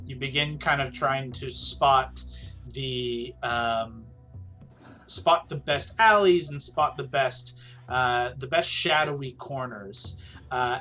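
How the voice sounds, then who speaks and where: A man narrating a tabletop game as game master, rambling and filling pauses with ums and uhs. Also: mid-range voice, pushed and bright, dull audio.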